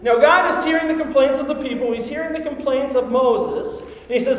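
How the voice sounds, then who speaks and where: A man's voice: extremely high pitch, expressive, fairly quick, few pauses. A man preaching a sermon as pastor, telling a story and asking rhetorical questions. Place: large echoing church hall. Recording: echoey hall reverb.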